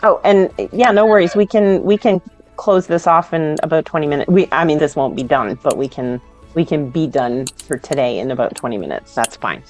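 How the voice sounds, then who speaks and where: A woman narrating as game master of a tabletop game, hesitant and pausing often. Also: low voice, darkish tone, faint music behind. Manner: hesitant, with fillers and laughs.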